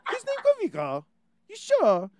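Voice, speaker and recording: A man doing a nosy Hawaiian Pidgin mom, high-pitched. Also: wildly swooping pitch, background noise, exaggerated voice. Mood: suspicious. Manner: nosy, quick questioning. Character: suspicious local mom, middle-aged woman.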